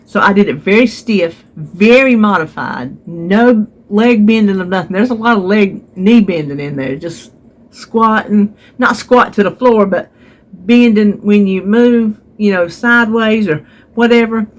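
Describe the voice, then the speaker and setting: A woman's voice: mid-range voice, unhurried. A woman chatting to her viewers, retelling a therapy visit with voiced quotes, recorded at home on a phone. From North Carolina. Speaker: vlogger. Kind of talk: casual storytelling to viewers.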